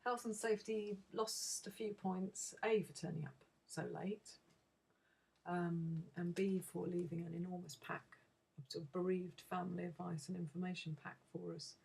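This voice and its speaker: A middle-aged woman speaking to camera in a video diary, a mother talking hesitantly and thoughtfully, with frequent pauses. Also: on the low side, steady tone, a little mellow, rough recording. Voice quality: gravelly, very husky. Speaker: bereaved mother.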